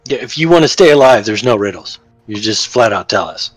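A man's voice: lowish voice, lively intonation, brisk, slightly rough, no echo, faint music behind, rough recording. A man playing in a casual tabletop game, joking around and swearing a lot. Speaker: player.

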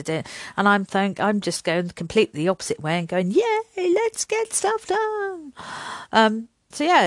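A woman's voice: medium pitch, no echo, clean studio sound. An older woman hosting a podcast, rambling in a self-deprecating way, laughing often and acting out little conversations. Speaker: podcast host. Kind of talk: chatty solo podcast ramble.

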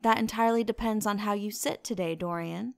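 A woman's voice: mid-range voice, a little fast, gravelly, a little mellow, clear, resonant tone, lightly acted. A woman reading an earnest, worried painter. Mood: fretful.

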